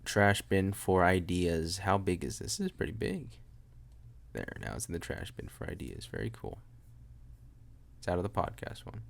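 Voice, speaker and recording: A young podcast host's low-pitched voice is sing-song with vocal fry, moving at a moderate pace. Alone at home with a loud air conditioner going, he rambles, pokes fun at himself, and keeps trailing off and restarting.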